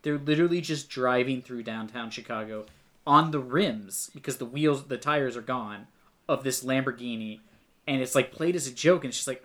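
A man's voice: medium pitch, normal speed, fairly bright tone. A man co-hosting a casual film-review chat, ranting sarcastically and swearing.

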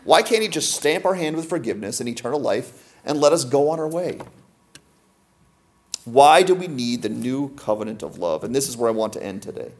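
A man preaching to a congregation in a church, his voice sitting at an ordinary middle pitch. He speaks emphatically and keeps putting questions to the people in front of him. It sounds like a pastor delivering a full sermon. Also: sing-song, fairly quick, a little mellow. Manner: emphatic, asks the congregation many rhetorical questions.

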